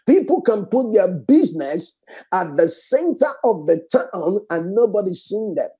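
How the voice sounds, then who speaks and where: A man preaching a sermon fervently, repeating phrases and swinging from raised exclamations to hushed prayer. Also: sits high, big pitch swings, slow, breathy edge.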